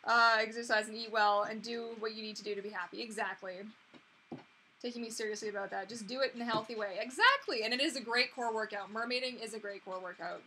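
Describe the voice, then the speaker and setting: Young female host, casual live Q&A, bubbly and squealy, fairly high, bright tone. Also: steady tone, fast talker, slight background noise. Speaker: mermaid channel host. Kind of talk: live-stream Q&A chat.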